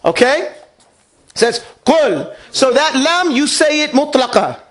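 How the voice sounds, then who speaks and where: A man's voice: very high voice, sing-song, measured pace, a bit bright. A man teaching Quran recitation in a classroom, asking questions and having the students repeat after him. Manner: asks the class questions and drills them to repeat. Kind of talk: classroom lesson.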